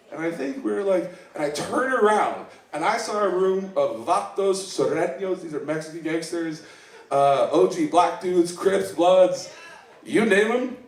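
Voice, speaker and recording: A man's voice: high voice, expressive, a little slow. A man from Iceland doing open mic stand-up, rambling and self-deprecating, acting out the voices of the people in his stories. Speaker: stand-up comedian. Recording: echoey room recorded from a distance. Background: audience laughter.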